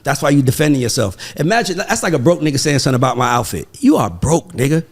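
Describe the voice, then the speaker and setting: Gravelly, animated podcast host man. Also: medium pitch, racing. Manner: animated, emphatic, profane. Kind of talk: casual chat.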